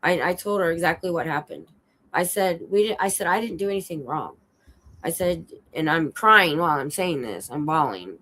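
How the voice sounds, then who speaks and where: A sick, hoarse woman chatting casually on her stream, telling an animated story and acting out quoted lines with a bit of swearing. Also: sits low, normal speed, low-quality recording. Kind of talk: casual chat. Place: home streaming setup.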